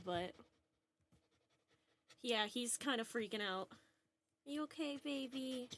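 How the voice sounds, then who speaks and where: A woman with a slightly high voice chats casually to her livestream audience from home. She keeps slipping into a soft, cooing tone, as if soothing a pet. She speaks into a desk microphone. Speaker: streamer. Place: at home indoors.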